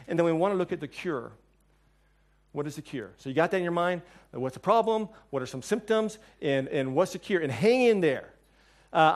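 A man preaching a sermon as pastor, conversational and emphatic, with quick asides to his listeners. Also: fairly high pitch.

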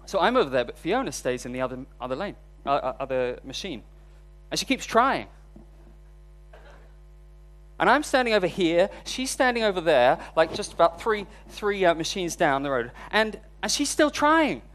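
A man's voice: on the high side, very animated, moderate pace, fairly bright tone. A man preaching a sermon, telling a personal story in a candid, self-deprecating way. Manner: storytelling, voice rising when recounting frustration.

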